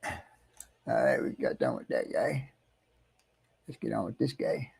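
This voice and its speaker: A middle-aged American man hosting a casual livestream, chatty and easygoing, greeting viewers one by one and clearing his throat often. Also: low voice, huge pitch swings, measured pace, a little mellow. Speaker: livestream host.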